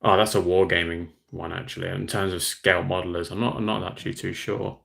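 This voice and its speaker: A young man with an Australian accent, hosting a relaxed livestream. His voice sits very low with a gravelly fry, and he chats loosely, reading out viewer comments and answering them. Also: fairly quick. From Western Australia. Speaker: livestream host. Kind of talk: casual livestream chat.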